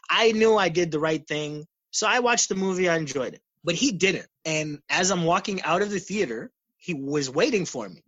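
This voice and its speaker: A man's voice: fairly high pitch, sharp tone, no echo, lo-fi sound. A young man telling stories in a casual, earnest talk, acting out the quoted exchanges. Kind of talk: casual conversational storytelling.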